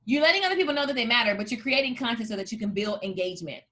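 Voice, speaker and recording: Upbeat woman coach, bright and high-voiced, hyping up viewers live. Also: very fast. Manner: energetic, hyped, addresses viewers as "you guys". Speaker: host and coach. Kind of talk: live video tutorial.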